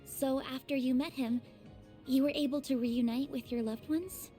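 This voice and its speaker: A soft-spoken, earnest schoolgirl with a mellow, warm tone, as voiced by a woman. She is gentle and a little bashful, pitched slightly high, and heard as game audio over faint background music. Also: steady tone, moderate pace, natural voice. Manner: gentle, flustered when teased. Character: earnest shy young woman student.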